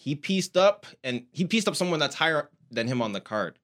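Animated, bright-voiced fight-talk co-host man. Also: fairly high pitch, dry recording, clean studio sound. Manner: eager, quick to laugh, slangy. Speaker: podcast co-host. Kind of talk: casual sports chat and fight breakdown. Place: studio.

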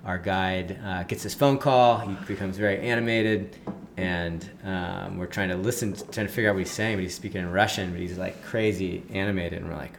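A male guest tells a story in casual conversation, his low, creaky voice moving at a moderate pace over background noise. He uses lots of fillers like "like" and "um" and grows animated when quoting other people.

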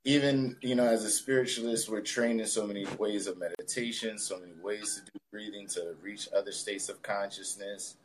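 A man with a somewhat low voice talks as a guest in an interview. He tells his own story in a loose, reflective, conversational way, full of casual fillers. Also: normal speed, few pauses, slight background noise. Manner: relaxed, reflective, loose with fillers like "you know" and "like". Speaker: podcast guest, spiritualist and healer.

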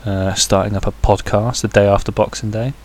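Casual male podcaster, somewhat low voice, meandering delivery full of ums and crude humour. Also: little pitch movement, brisk. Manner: rambling, hesitant with many fillers, crude jokey asides. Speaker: podcast host. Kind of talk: casual solo podcast chat.

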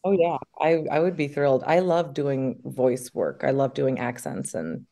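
Chatty woman with a gravelly edge. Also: a bass voice, measured pace. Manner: animated, chatty, with many fillers. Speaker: actress, guest. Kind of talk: casual interview chat.

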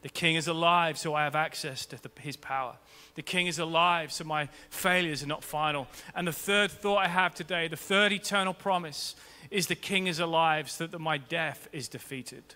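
A man's voice: on the high side, normal speed, few pauses, bright, forceful tone. A man preaching a sermon as pastor in a church, rousing and rhythmic, calling his congregation to respond. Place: large church. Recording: long reverb of a large church hall.

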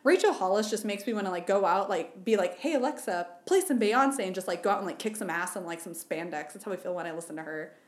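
A woman's voice: on the low side, a little mellow, echoey room. A woman guest on a podcast in casual chat, rambling and self-mocking, with lots of "like". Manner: rapid, rambling, heavy use of "like", self-mocking.

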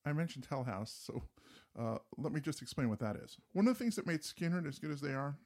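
A man's voice: fairly high pitch, animated, fairly quick, darkish tone. A man co-hosting a casual music talk, telling stories animatedly and mimicking riffs and voices. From New Jersey. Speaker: podcast co-host. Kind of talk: casual chat about music.

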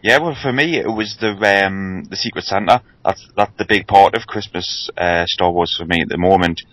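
A man's voice: sits low, normal speed, fairly bright tone, no room sound, poor audio. A man on a podcast chatting in a hesitant way, with many ums. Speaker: podcast co-host. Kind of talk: casual podcast chat.

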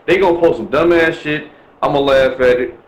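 A man's voice: on the high side, fairly quick, echoey room, rough recording. A man from Milwaukee talking bluntly and profanely in a casual chat, ranting with lots of swearing. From Milwaukee, USA.

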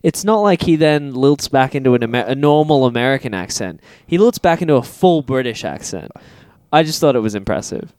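Male podcast co-host, clear smooth tone, excitable and sweary, dry close mic. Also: mid-range voice, brisk, no room sound. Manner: animated, swears often, jumps in with reactions. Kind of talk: casual film discussion.

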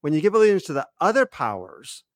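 A man's voice: fairly high pitch, big pitch swings, fast talker, no echo, studio quality. A man co-hosting a casual scholarly Bible discussion, walking through the Greek text step by step and often restarting his sentences. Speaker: co-host, Bible teacher.

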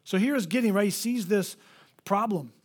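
Male pastor with a high voice, preaching in a church; lively storyteller who voices the people in his stories. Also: moderate pace. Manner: animated storytelling, acts out quoted voices. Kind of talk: preached sermon.

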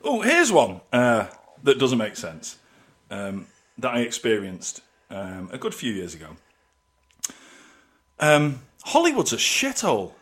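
British male co-host, chatty, animated delivery. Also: mid-range voice, unhurried, long pauses. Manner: chatty, lively, many restarts. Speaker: podcast co-host. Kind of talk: casual chat.

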